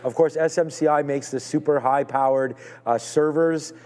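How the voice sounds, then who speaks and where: A man's voice: on the high side, fairly even intonation, moderate pace, dark tone, long reverb tail. A man co-hosting a live stock market show, talking through trades in a hedging, thinking-aloud way with many fillers.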